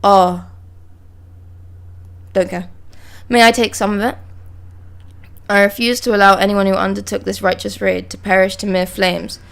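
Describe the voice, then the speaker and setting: A young woman streaming live, reading manga dialogue aloud and breaking off to react with excited exclamations and swearing. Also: medium pitch, moderate pace, creaky, long pauses.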